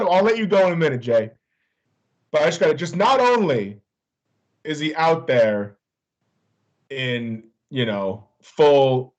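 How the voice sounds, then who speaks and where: A man co-hosting a casual wrestling podcast, talking in an animated, joking way with plenty of swearing. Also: a little high, low-quality recording. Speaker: podcast co-host.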